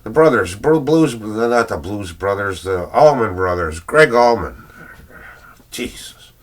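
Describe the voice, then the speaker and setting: A man's voice: lowish voice, expressive, slow. An older man casually rambling through his record collection, chuckling and searching aloud for names he can't recall.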